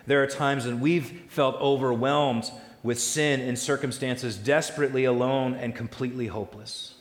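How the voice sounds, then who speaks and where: A man preaching a sermon in a mid-range voice, his words ringing through a large echoing hall with a long reverb tail. He builds loud through lists, then drops soft and slow on the points he wants to land. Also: medium pitch, steady tone. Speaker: pastor.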